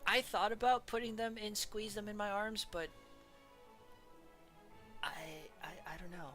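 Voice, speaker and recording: A streamer ranks characters while chatting casually in a medium-pitched, steady, fairly bright voice at a measured pace, with faint music behind. She giggles often, rambles, and trails off mid-sentence before restarting.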